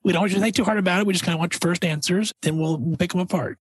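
Laid-back guy hosting a podcast, kinda husky, a bit high, dry mic. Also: fairly even intonation, very fast, no room sound. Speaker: podcast host. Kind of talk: casual podcast interview.

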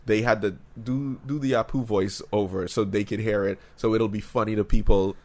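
Low-voiced blunt man from the Bahamas. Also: steady tone, normal speed. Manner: blunt, profane, argumentative. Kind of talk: casual chat.

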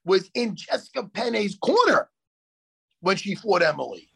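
Brief: high, lively, gravelly, husky-voiced man, swearing co-host in a hotel room. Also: unhurried. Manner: animated, swearing, storytelling. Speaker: podcast co-host. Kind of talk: casual chat.

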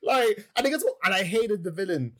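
A man chatting casually about comics, laughing often, swearing, and acting out quotes with big jumps in pitch. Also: lively intonation, brisk. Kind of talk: casual chat about manga.

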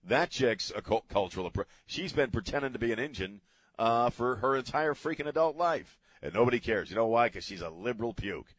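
In an animated, medium-pitched voice and at a slightly fast clip, a middle-aged American man rants sarcastically on his talk radio show, swearing casually. The studio broadcast mic gives a dry recording.

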